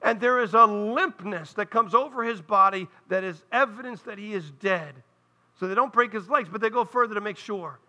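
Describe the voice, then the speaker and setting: A man's voice: sits high, normal speed, bright, forceful tone. A male pastor preaching a sermon to his church, explaining earnestly and turning often to the congregation with asides.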